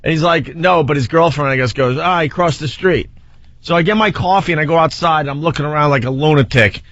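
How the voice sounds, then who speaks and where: A man in his forties hosting a radio show, telling a self-mocking story in a lively, casual way from a studio mic. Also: fairly high pitch, fast talker, dry recording. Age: 40s. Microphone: studio microphone. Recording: slightly dull, dry radio broadcast audio.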